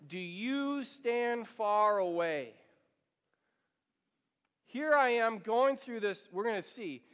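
High-voiced preaching man in a reverberant hall. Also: fairly bright tone, dull audio. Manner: earnest preaching, pleads with the congregation. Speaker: pastor. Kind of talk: sermon.

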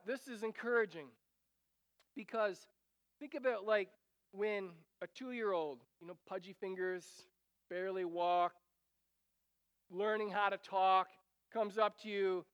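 Preacher mid sermon, smooth clear voice, dry close sound, earnest w/ chatty asides. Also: medium pitch, no echo. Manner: earnest, with conversational asides while reading scripture aloud; repeats phrases for emphasis.

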